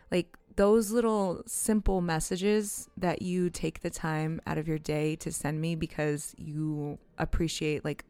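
A woman's voice: on the low side, clear, resonant tone, no room sound. A woman hosting a podcast, telling a personal story in a chatty, casual way, full of "like" fillers and small laughs. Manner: chatty, frequent "like" fillers, laughs mid-sentence. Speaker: podcast host.

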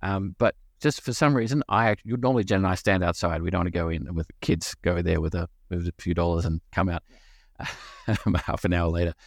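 A man co-hosting a podcast, chatting in a halting way. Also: low voice, steady tone, vocal fry, no room sound, clean studio sound. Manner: halting, full of fillers and restarts. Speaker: podcast co-host. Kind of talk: casual chat.

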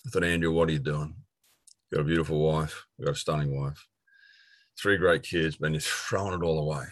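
A middle-aged Australian man with a strikingly deep, low voice recounts his own story in an earnest, rambling way, full of "um"s and false starts. The sound is dry and close, with no room around it. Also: fairly even intonation, fairly quick, no echo. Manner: earnest storytelling with frequent fillers and restarts. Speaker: guest. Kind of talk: personal testimony in an interview.

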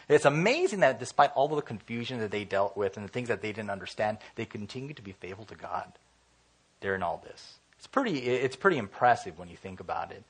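A man's voice: lowish voice, animated, quick pace, fairly bright tone, slightly rough. A man preaching a casual, conversational sermon, often acting out what people say and filling his talk with "you know". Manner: conversational, acts out quoted voices, many fillers.

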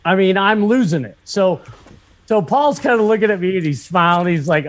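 Spinning a yarn in relaxed chat, this northwestern Pennsylvania motorcycle shop owner wanders, curses, and keeps restarting amid fillers. His male voice sits high, and he sounds animated at a moderate pace.

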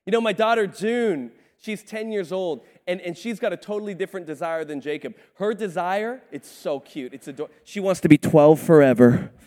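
Animated high-voiced male preacher. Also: moderate pace, hardly any pauses, in a large hall. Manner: animated, storytelling, laughing often. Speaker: pastor. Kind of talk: sermon.

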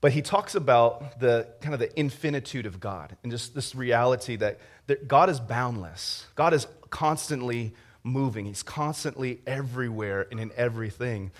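A man's voice: medium pitch, normal speed, few pauses. A man, a pastor, giving a conversational sermon with stories and frequent restarts. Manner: conversational, storytelling with restarts and laughter.

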